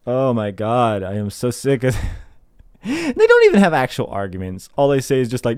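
Fed up, a young podcast host rants in a casual monologue, cursing and ridiculing the people he argues with. His mid-range voice, slightly mellow, clear and resonant, swings hugely in pitch at a measured pace with long pauses, captured in a dry, clean studio recording.

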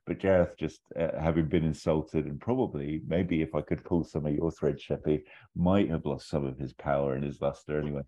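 A man casually pitching a comedic fan script, rambling with hesitations and giggles. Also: steady tone, brisk, dark tone, lo-fi sound.

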